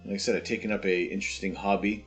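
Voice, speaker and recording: A man's voice: low-pitched, rapid-fire, soft background music. A Canadian man streaming live, chatting casually and answering viewer questions as they come in. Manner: relaxed, reads viewer questions aloud and answers them.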